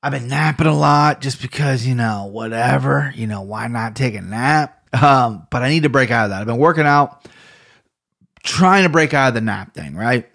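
A man's voice: mid-range voice, normal speed, creaky, fairly bright tone. Laid-back Ohio man hosting a podcast. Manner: rambling, loose and profane. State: low energy. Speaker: podcast host. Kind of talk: casual solo podcast talk. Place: home room.

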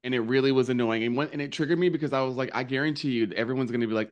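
A man co-hosting a podcast, recapping in casual chat with animated, profane, gossipy storytelling. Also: medium pitch, very fast. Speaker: podcast co-host.

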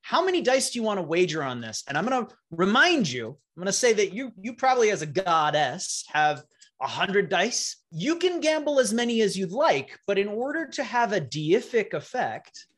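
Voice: mid-range voice, sing-song, moderate pace, a bit bright. A game master narrating a tabletop game, setting scenes in a playful, vivid way.

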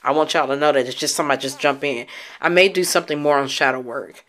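A woman's voice: extremely low pitch, quick pace, fairly bright tone. Candid, teary woman vlogging to camera. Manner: candid, emotional, speaks straight to her viewers. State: teary from recent crying. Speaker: vlogger sharing her healing journey. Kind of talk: casual heartfelt talk to camera.

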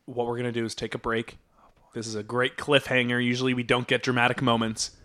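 A man's voice: mid-range voice, little pitch movement, fast talker, bright, forceful tone. A man hosting an improvised comedy podcast, questioning his guest in a playful, teasing way. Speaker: podcast host.

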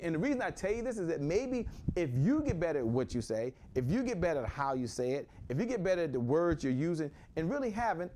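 A man from Washington, D.C. in his forties, hosting a motivational sales talk with an energetic, repetitive delivery. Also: a little high. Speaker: host, sales coach.

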